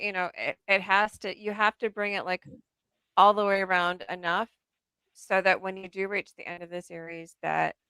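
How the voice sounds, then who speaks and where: A woman's voice: mid-range voice, bright, forceful tone, smooth, dry recording. A woman author chatting as an interview guest, talking at length and laughing through her stories. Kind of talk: casual interview chat.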